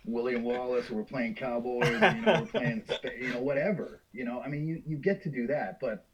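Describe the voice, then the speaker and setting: A man's voice: medium pitch, animated, a little fast, rough recording. A man from Canada, an actor, telling candid stories in a casual interview over a call. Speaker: actor guest.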